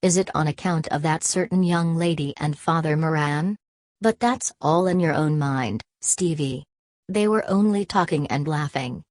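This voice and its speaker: An earnest, simple-hearted young man pleads in plain words, read by a woman. The voice is low and deep. The sound is dry and close-miked. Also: normal speed, a little mellow, no echo, lightly acted.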